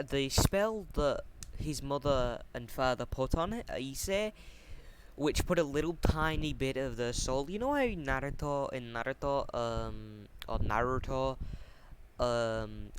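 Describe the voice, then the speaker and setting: At home in a warm room, a man tells fan fiction, explaining the plot casually and without a script over a steady fan noise. His mid-range voice is slow and halting, hesitant and full of ums and self-corrections.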